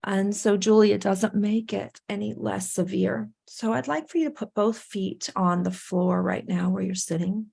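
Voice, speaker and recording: A woman's voice: mid-range voice, moderate pace, creaky, hardly any pauses, a little mellow, breathy edge. A woman coach leading a participant through a guided breathing and grounding exercise on a video call, soothing and encouraging.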